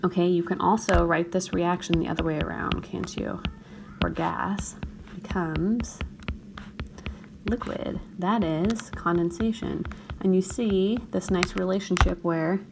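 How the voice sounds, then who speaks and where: A woman teacher, her voice on the low side and a little gravelly from morning, talks through a chemistry problem and often checks in with her students. The recorded screencast lecture has a noisy background.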